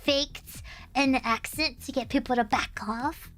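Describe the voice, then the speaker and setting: Very high-pitched chatty young woman. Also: steady tone, fairly bright tone. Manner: eager, chatty, quick to agree. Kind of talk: casual chat.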